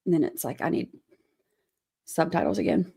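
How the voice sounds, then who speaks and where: A woman's voice: low voice, big pitch swings, moderate pace, gravelly, dark tone, breathy edge. A woman, hosting a casual livestream and talking through a trial, firm one moment and chatty the next. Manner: firm scolding then chatty explaining. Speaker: livestream host giving trial commentary.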